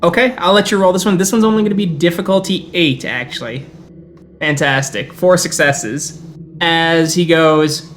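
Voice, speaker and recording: A man's voice: on the high side, normal speed, fairly bright tone. A man running a tabletop game as game master, narrating scenes and slipping into character voices. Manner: storytelling, slips into character voices.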